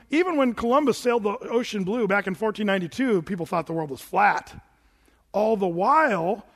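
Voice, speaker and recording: A man preaching a sermon as pastor, animated and emphatic, slipping into quoted voices as he reads and jokes. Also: high voice. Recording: long hall reverb.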